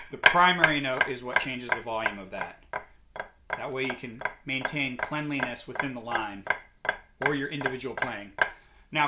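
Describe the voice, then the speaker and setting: A man giving a drum lesson, explaining rudiments and calling out counts while he plays. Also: a little high. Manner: calls out counts and rudiment names loudly over drumming. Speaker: drum instructor. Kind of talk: instructional lesson, counting along while playing. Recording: loud drumming behind the voice.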